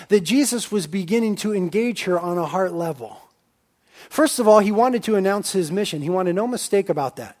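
High-voiced male preacher. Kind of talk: sermon.

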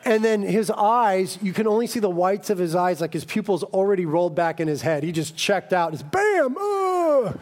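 Brief: high-pitched man preaching, lively, casual and joking. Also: a little fast, hardly any pauses. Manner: animated, jokey, conversational preaching. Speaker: pastor. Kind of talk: sermon.

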